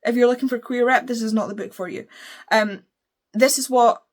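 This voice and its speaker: A young Scottish woman with a Scottish accent, chatting casually as a book vlogger and ranting in an animated, exasperated way. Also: a little high, normal speed. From Scotland. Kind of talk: casual chat.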